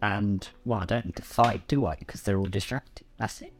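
A man playing a tabletop game, excitable and quick to react. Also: music in the background. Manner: excitable, jumps high in pitch. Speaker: player.

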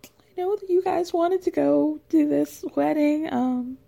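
A woman's voice: a little slow, creaky, dark tone, heavily acted. Woman putting on a teary passive-aggressive mom. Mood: tearful. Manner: high, simpering and teary. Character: weepy passive-aggressive middle-aged mother.

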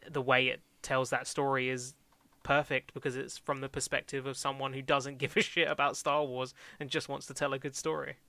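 A man's voice: mid-range voice, level tone, a little fast, gravelly, bright, forceful tone, dry recording. A young man chatting casually about TV shows as a podcast co-host, rambling with lots of fillers, restarts and laughs. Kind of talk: casual chat reviewing TV shows.

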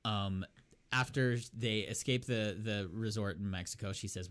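A man's voice: fairly low pitch, moderate pace. A man co-hosting a casual podcast, telling a film's plot in a rambling, profane way. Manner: rambling storytelling, profane, laughing at own jokes. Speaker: podcast co-host. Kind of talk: casual chat.

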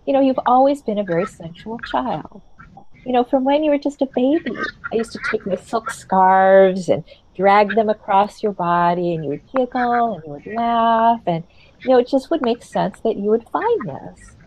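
A woman voicing a tender, approving 1950s mother who speaks in a soft, cooing, gentle voice. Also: fairly high pitch, animated, moderate pace, slight background noise, pitched above the performer's own voice, lightly acted, poor audio. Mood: doting. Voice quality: soft, cooing, breathy at times. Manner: gentle, reassuring, affectionate.

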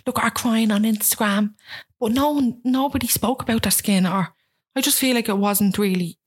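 A woman's voice: fairly high pitch, moderate pace, husky. A woman around thirty, a guest chatting casually and animatedly, often acting out what other people said. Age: about 30. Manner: animated, acts out quoted voices. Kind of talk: casual chat.

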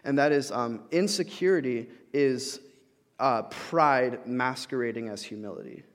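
A man's voice: mid-range voice, unhurried. A young adult man preaching a conversational sermon, with casual fillers and restarts, acting out quoted voices. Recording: long hall reverb.

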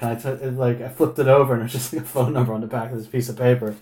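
A man's voice: medium pitch, steady tone, racing, dark tone. A man telling a long, wry story in casual chat, with plenty of filler words and restarts. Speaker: musician guest.

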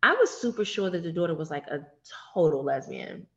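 A woman in casual chat about a TV show, animated and swearing freely. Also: on the low side, dull audio. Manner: animated, swearing, talks fast in bursts.

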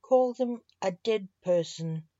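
A woman voicing a grumpy, grieving male hospital coroner who talks in gruff, snapping bursts, in a dull, dry, lo-fi recording. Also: sits high, slow, mellow, no room sound. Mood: irritable.

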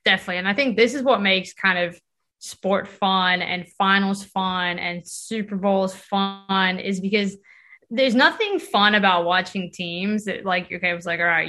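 A woman co-hosting a casual sports podcast, talking quickly and acting out what other people say. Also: mid-range voice. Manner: lively, quick, acts out other people's remarks. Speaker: podcast co-host.

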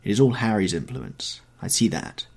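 An earnest older artist, pleading and reproachful toward a friend, as a man voices him in an audiobook. The voice is husky, and its pitch moves expressively. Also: big pitch swings, moderate pace, exaggerated voice. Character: older male painter, earnest and anguished.

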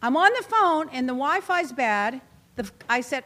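Animated high-voiced woman telling stories. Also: moderate pace, slight background noise. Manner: animated, exasperated, talks over others. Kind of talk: casual storytelling.

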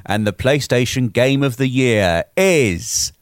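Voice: mid-range voice, expressive, slow pace, a little hiss or hum. A speaker in a casual podcast chat who teases the others with dry questions.

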